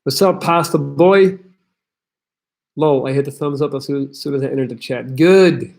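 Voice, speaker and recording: A man's voice: medium pitch, normal speed, creaky, darkish tone. A young man from Belgium, hosting a livestream where he reads chat messages aloud and gives blunt, crude tough-love advice. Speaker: host.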